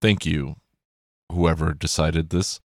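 A man's voice: a bass voice, steady tone, slow pace, creaky, darkish tone, no echo, studio quality. A man chatting casually and rambling, with plenty of swearing and self-corrections.

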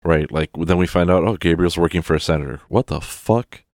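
Man, very low voice, dry close sound, sarcastic, swears a lot, casual rant. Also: flat delivery, quick pace, dry recording.

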